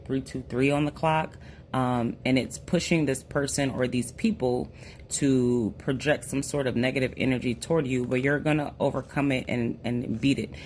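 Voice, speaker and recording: A tarot reader from the United States, hoarse after losing their voice, gives a casual, chatty reading that fills pauses with "um" and often says "you guys" and "y'all". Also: mid-range voice, steady tone, a little mellow, a little hiss or hum. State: hoarse, recovering from a lost voice.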